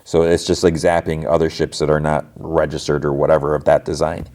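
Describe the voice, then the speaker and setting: Low-voiced man recapping an episode. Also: completely flat delivery, a little fast, a little mellow. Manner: retells scenes with quoted voices, many fillers like "like". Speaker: podcast host.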